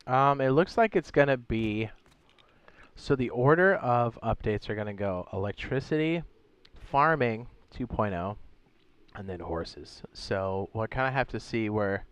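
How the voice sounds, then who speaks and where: A man who is sick and hoarse, streaming a game in casual commentary, with a raspy voice and frequent throat clearing. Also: medium pitch, animated, measured pace, dry recording. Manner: clears his throat often, rambling and thinking aloud.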